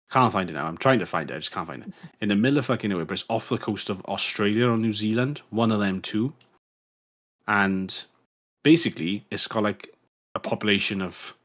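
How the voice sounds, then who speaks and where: A man's voice: on the low side, fairly bright tone. Rambling sweary man chatting casually. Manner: rambling, sweary, lots of restarts. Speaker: podcast co-host. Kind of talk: casual chat.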